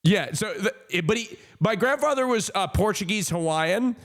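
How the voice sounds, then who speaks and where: A man's voice: high voice, lively intonation, normal speed, fairly bright tone. A man in his thirties telling a personal story on a stream. He rambles with many fillers, laughs and swears. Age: 30s.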